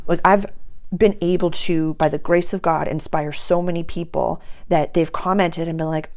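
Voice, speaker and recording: A woman's voice: fairly low pitch, steady tone, a little slow, darkish tone. A woman giving a casual spoken astrology and tarot reading, earnest and emphatic, often repeating phrases for emphasis.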